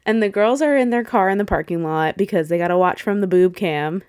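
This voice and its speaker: A woman in her thirties chatting casually as a podcast co-host. She laughs often, swears freely and slips into little acted-out quotes while recapping. Her pitch sits in an ordinary middle range. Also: fairly quick, darkish tone, clean tone, no room sound, studio quality. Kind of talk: casual movie rewatch chat.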